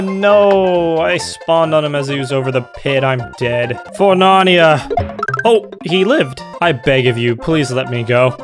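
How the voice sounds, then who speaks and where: A young man riffs through a co-op platformer, joking and bursting into exaggerated yells at his teammates. His voice sits a little high for a man. Loud game music plays underneath him the whole time. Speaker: gaming YouTuber. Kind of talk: let's play commentary.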